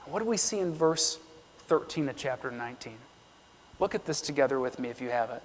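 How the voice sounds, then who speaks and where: A man's voice: mid-range voice, animated, brisk, slight background noise. A man preaching an earnest sermon in a church, reading scripture aloud and acting out the quotes. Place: church sanctuary. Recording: long reverb of a church hall.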